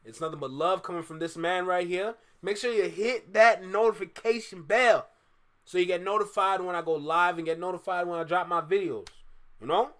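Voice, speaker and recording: Chatty high-voiced man from Toronto. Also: normal speed, fairly bright tone. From Toronto, Canada. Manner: chatty, calls the audience "bruh" and "y'all". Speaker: streamer and reaction host. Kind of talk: casual reaction commentary.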